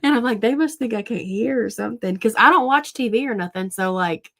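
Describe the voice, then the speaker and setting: A woman's voice: on the high side, brisk, fairly bright tone. A woman in her thirties, a podcast co-host, chatting casually and telling long rambling stories about her kids, with plenty of swearing. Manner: rambling, profane storytelling. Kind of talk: casual chat.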